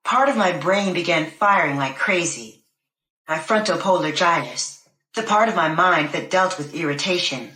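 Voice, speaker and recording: Woman reading an audiobook, low and echoey. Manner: measured, expressive first-person reading. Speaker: narrator. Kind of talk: audiobook narration.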